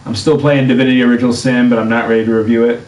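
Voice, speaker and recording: A man's voice: mid-range voice, little pitch movement, racing, a little mellow. A man hosting a podcast, laid-back and jokey in casual chat. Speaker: podcast host. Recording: echoey room, distant mic, faint noise.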